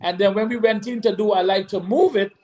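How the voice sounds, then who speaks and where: A man being interviewed about making a song, animated and repetitive, who sometimes breaks into sung hooks. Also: high-pitched, a little fast, rough recording. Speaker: guest musician. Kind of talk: storytelling interview.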